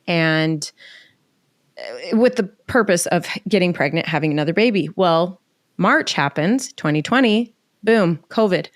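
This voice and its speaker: Brief: middle-aged woman, podcast guest, candid and animated, dry close sound. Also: lowish voice, dry recording. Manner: animated, emotional, quick asides with reenacted dialogue. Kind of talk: candid personal storytelling.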